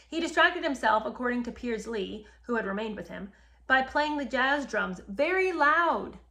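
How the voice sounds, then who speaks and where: A woman's voice: fairly high pitch, a bit bright. A woman hosting a history podcast, retelling events and reacting with indignation while talking straight to her listeners. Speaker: podcast host. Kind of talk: animated history commentary.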